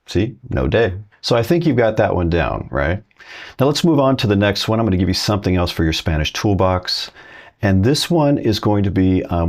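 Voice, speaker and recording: Deep-voiced man teaching Spanish. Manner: relaxed, encouraging, slows down for example sentences. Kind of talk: casual video lesson.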